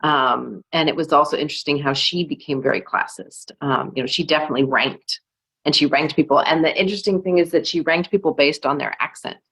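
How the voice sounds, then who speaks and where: Gravelly-voiced American woman with slight Southern drawl. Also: low voice, a little fast, a bit bright, poor audio. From California, USA. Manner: hesitant, many fillers and restarts. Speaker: author guest. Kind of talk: reflective conversational talk. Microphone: video call.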